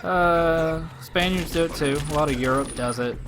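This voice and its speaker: A man's voice: on the high side, normal speed, over music. Man joking through casual game commentary. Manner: joking, offhand, crude. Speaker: let's play commentator.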